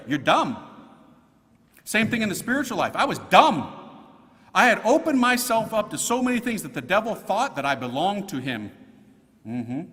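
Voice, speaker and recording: A man's voice: sits high, fairly bright tone, long reverb tail. A man, a priest, telling his conversion story to an audience in an emphatic, slangy way. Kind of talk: conversion testimony talk to an audience.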